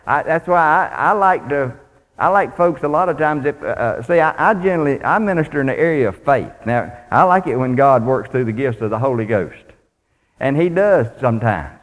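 Preacher in a reverberant hall. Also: male voice, on the high side, lively intonation, fairly quick. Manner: folksy, plainspoken preaching, reads scripture aloud. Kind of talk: sermon.

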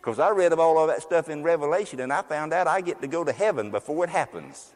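A man preaching a sermon as a pastor, emphatic and fiery, with loud exclamations and quieter asides. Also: on the high side, expressive, fast talker, in a large hall.

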